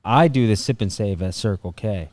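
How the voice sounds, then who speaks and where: A man's voice: fairly low pitch, moderate pace, darkish tone. A man co-hosting a combat sports podcast, chatting casually and laughing easily, recorded on the mats of a martial arts gym. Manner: easygoing, laughs often. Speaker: podcast co-host. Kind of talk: casual chat.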